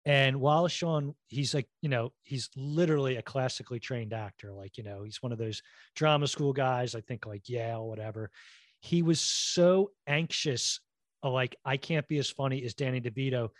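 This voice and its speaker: A man's voice: mid-range voice, moderate pace, no room sound, clean studio sound. A man co-hosting a casual chat, animatedly telling anecdotes with lots of "like" and "you know".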